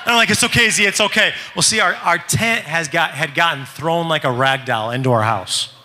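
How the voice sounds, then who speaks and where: A father telling a family story in an animated, excitable way. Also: on the high side, big-room sound, a little hiss or hum. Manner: animated, excitable, fast-shifting delivery. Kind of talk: casual storytelling.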